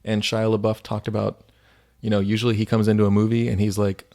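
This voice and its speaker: A man's voice: lowish voice, monotone, fast talker, vocal fry, hardly any pauses, mellow. A man co-hosting a faith podcast, retelling stories in a rambling, casual way with lots of "like.". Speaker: podcast co-host.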